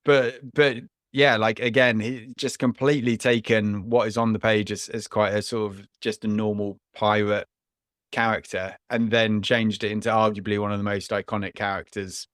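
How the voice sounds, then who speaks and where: A man with a fairly low voice talks loosely about a movie, circling back over his words and chuckling now and then. The sound is dry and close, with almost no room echo. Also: little pitch movement, moderate pace, fairly bright tone. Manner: rambling, restarts often, chuckles. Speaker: podcast co-host. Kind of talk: casual film discussion.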